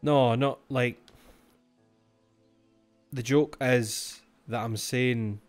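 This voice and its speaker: A young Scottish man livestreams a mystery game, reading its notes aloud, tossing in joking asides and swearing freely. His mid-range voice keeps a fairly even intonation and draws out words, with soft music in the background.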